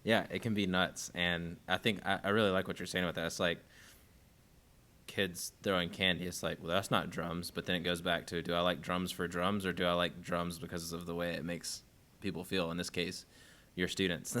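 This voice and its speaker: Deep-voiced man rambling as a host. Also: little pitch movement, brisk, pushed and bright. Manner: rambling, thinks aloud with many fillers. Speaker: podcast host. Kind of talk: casual podcast chat.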